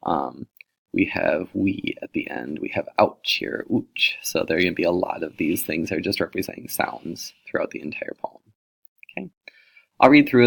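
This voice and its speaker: A man's voice: low-pitched, vocal fry. A man teaching a recorded poetry lesson, explaining sound devices and reading poems aloud, with frequent fillers.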